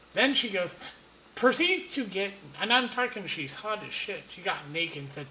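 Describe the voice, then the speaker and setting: A man's voice: sits high, big pitch swings, a little slow, bright, forceful tone, echoey room, a little hiss or hum, poor audio. Profane, rambling man telling a story. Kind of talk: casual anecdote storytelling.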